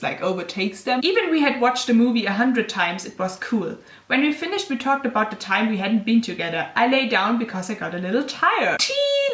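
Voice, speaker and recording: A woman's voice: on the high side, a bit bright. A young woman reading her old fanfiction aloud with gushing, self-mocking commentary. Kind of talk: dramatic reading with casual commentary. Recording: echoey room.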